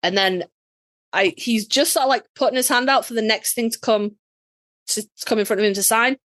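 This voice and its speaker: Yorkshire woman, podcast guest; sassy, sweary, lively storyteller, slightly high voice, dry close mic. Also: a little fast, no echo. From Yorkshire, England. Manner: sassy, profane, animated storyteller. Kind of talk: casual storytelling chat.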